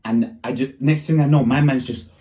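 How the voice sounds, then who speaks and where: A man's voice: mid-range voice, fairly even intonation, moderate pace, mellow. Slangy young man telling a story. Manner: slangy, rambling, laughs while telling. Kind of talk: casual storytime.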